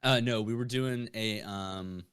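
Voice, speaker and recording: A man's voice: fairly low pitch, a little slow, fairly bright tone, smooth. A young man who is a podcast guest, telling rambling anecdotes full of fillers and swearing. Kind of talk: casual storytelling.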